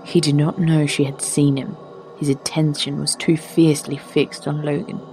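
A woman narrating a period story with a measured, even reading. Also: deep voice, soft background music.

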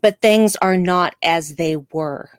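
A woman's voice: on the low side, slow pace, clean tone, no echo, clean studio sound. A woman co-hosting a casual podcast chat, talking in an impassioned and emphatic way. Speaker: podcast co-host.

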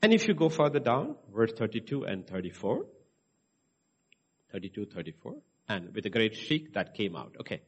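Husky-voiced male preacher, lively delivery. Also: on the low side, normal speed, lo-fi sound. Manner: emphatic, rising to stress points, frequent "okay" checks. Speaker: pastor. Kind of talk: sermon.

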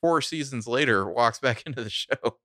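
A podcast co-host recaps a TV episode in casual chat, sounding animated, laughing often and swearing freely. His mid-range voice moves at a moderate pace, recorded dry with clean studio sound.

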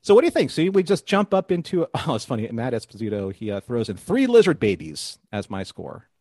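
A man's voice: medium pitch, big pitch swings, brisk, darkish tone, dry recording, clean studio sound. A man co-hosting a live podcast, chatting playfully and recapping an episode with puns and laughs. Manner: playful, jokey, laughs at his own puns. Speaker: podcast co-host.

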